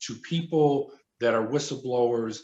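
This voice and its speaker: A middle-aged man, a former prison guard, recounting his experiences as a podcast guest in an animated storytelling manner. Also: mid-range voice, a little slow. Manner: animated storyteller who acts out quoted voices. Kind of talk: storytelling interview. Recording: roomy, dull remote audio.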